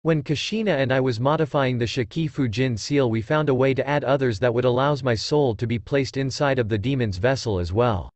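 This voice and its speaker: A man's voice: medium pitch, a little fast, hardly any pauses, darkish tone, dry recording, close to an everyday voice. A man voicing a cheeky, kind spirit of a father who explains things at length.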